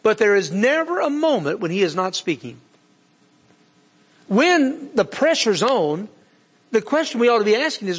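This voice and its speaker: A man delivers a sermon with a folksy, earnest manner. His voice sits notably high. It carries a long, lingering hall reverb. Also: sing-song, normal speed, pauses often, husky. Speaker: preacher.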